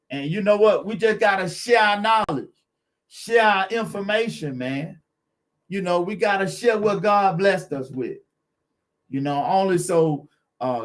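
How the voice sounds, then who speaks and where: A man's voice: high-pitched, a bit bright. A man hosting a car channel live stream, chatting with viewers in a laid-back, encouraging way and greeting them by name.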